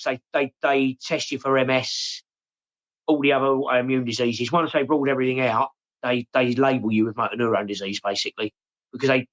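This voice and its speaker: An English man in his forties, talking openly and haltingly in an interview, often repeating his words and saying "mate". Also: medium pitch, muffled recording. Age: 40s. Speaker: podcast guest. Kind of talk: emotional personal interview.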